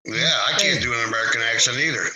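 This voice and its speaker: A man's voice: mid-range voice, quick pace, sharp tone. A man joining a casual video call, bantering playfully and chuckling. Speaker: caller. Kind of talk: casual chat. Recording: echoey noisy call audio.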